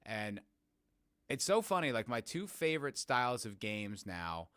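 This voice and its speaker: Bright, crisp-voiced man hosting a podcast. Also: medium pitch, big pitch swings, unhurried, no room sound, studio quality. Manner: rambling, joking, greets chat viewers by name. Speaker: podcast host. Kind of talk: casual live-stream chat.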